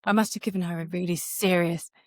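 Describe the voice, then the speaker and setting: A woman's voice: fairly low pitch, fast, dry recording, clean studio sound. A woman co-hosting a podcast, telling stories in casual chat, laughing often and acting out quotes. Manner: lively storyteller, laughs often, acts out quotes. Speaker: podcast co-host.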